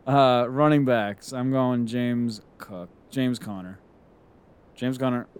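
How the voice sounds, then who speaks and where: A man's voice: medium pitch, fairly even intonation, slow pace, clear, resonant tone. A man co-hosting a casual podcast, reading out picks in an upbeat way and laughing often. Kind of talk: casual chat.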